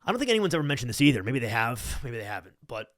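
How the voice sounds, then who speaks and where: A man in his late twenties from Long Island, talking solo on his podcast in a loose, rambling rant. He swears freely and keeps a sardonic edge, at an average pitch for a man. The sound is very dry, close to the mic. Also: very animated, rapid-fire, fairly bright tone, no room sound. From Long Island, New York. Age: 20s. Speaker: podcast host. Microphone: studio podcast mic.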